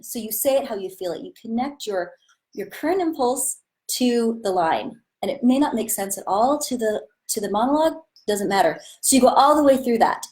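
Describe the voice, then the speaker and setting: Woman, acting teacher, live-streamed lesson, enthusiastic, chatty, mid-pitched, webcam mic. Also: expressive, normal speed, darkish tone. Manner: enthusiastic, chatty, demonstrates with sudden bursts. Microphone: webcam or phone on a live stream.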